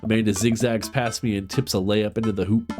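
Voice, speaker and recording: A man's voice: lowish voice, steady tone, brisk, a little mellow, soft background music. A man streaming a dating game, reading its lines aloud and joking about it. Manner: joking, reads dialogue in playful voices.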